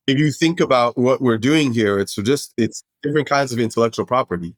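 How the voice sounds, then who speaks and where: A middle-aged man from Brooklyn talks through his story as a podcast guest, animated and expansive, often restarting a phrase mid-thought. His voice sits at an ordinary male pitch, recorded close and dry. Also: a little fast, hardly any pauses, no room sound. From Brooklyn, New York. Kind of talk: casual storytelling interview.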